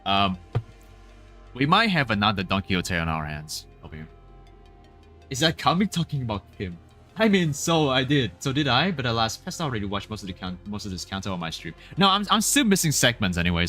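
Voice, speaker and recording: A man streaming a game, chatting in an excitable, rambling way and restarting his sentences often. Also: lowish voice. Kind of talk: game reaction commentary.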